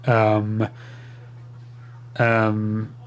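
A man's voice: on the low side, monotone, extremely slow, slight background noise. A man from Saint Louis with a Saint Louis accent, co-hosting a casual podcast chat and often stumbling over his words. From Saint Louis, Midwest. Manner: hesitant, repeats words and restarts, self-deprecating. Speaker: podcast co-host. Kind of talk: casual chat recapping a sitcom.

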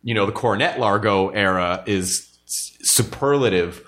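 A man hosting a podcast, chatting in an animated, rambling way. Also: fairly low pitch, measured pace. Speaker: podcast host. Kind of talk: casual conversation.

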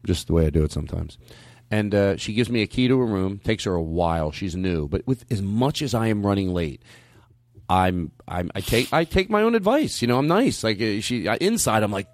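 A man spins a long, rambling anecdote with a comedian's timing. He doubles back on himself often, then his voice leaps high whenever he acts out his own outbursts. The recording is close and dry, with no room around it. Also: moderate pace, dry recording. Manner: animated, jumps way up in pitch acting out his own outbursts; rambling with frequent restarts and asides. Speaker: stand-up comedian. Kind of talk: casual storytelling chat.

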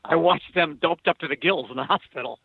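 A male author talking as a guest in casual conversation, halting and repeating words, laughing often, heard over a dull lo-fi remote line. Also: a little high, vocal fry, breathy edge.

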